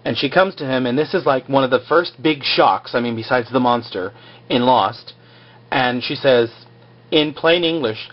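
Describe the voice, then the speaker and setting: A man's voice: mid-range voice, lo-fi sound. A man casually recapping a TV episode, rambling with lots of fillers like "like" and "you know.".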